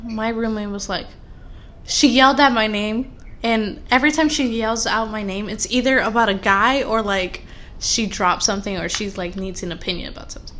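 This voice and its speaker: A young woman co-hosting a podcast in casual chat, telling animated, rambling stories full of fillers. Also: a little high. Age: young adult. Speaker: podcast co-host.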